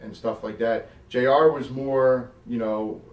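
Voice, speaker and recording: Being interviewed, this middle-aged South Jersey man, once a wrestler, spins animated stories packed with acted-out quotes and casual cursing. He speaks unhurriedly in a mid-range voice, recorded from a distance with a roomy sound.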